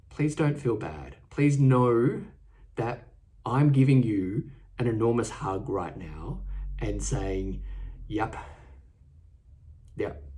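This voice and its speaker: A man with an Australian accent hosting a solo podcast, earnest and halting, often repeating his words. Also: medium pitch, warm tone. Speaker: podcast host. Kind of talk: reflective solo podcast talk. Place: indoors, seated. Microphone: studio microphone and camera.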